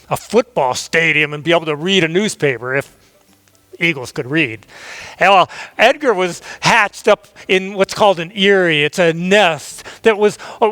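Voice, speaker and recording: A male pastor telling a children's story in an animated way, acting out the scenes. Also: sits high, no echo.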